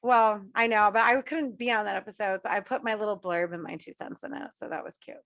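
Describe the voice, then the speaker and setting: A woman's voice: mid-range voice, fairly quick, a bit bright, no echo. Chatty woman in her thirties, dry mic. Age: 30s. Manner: chatty, restarts and laughs often. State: sick, a bit rough. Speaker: podcast host. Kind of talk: casual chat.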